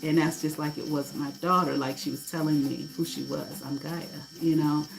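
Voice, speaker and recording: A middle-aged woman telling a personal story in a casual way, animated, swearing freely and acting out what people said. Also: sits low, fairly quick, gravelly, noisy background. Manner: animated, swearing, laughing, acts out quotes. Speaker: host.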